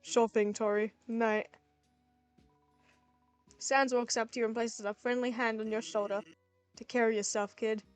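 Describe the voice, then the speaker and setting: A woman voicing a laid-back, pun-cracking male skeleton in a relaxed, easygoing way, with faint music behind. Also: on the high side, measured pace, pauses often, close to an everyday voice. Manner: relaxed and punning.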